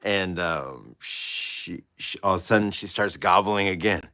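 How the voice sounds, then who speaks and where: A man's voice: low-pitched, a little slow, pushed and bright, dry recording. A man hosting a livestream as an artist, telling a story in a rambling, casual way and laughing often.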